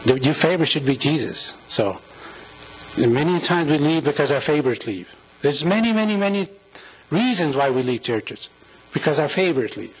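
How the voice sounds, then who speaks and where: A man giving an informal sermon in a church, speaking earnestly and emotionally, close to tears, with many halting restarts and fillers. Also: a little high, expressive, low-quality recording. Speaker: church member preaching. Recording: mains hum under the voice.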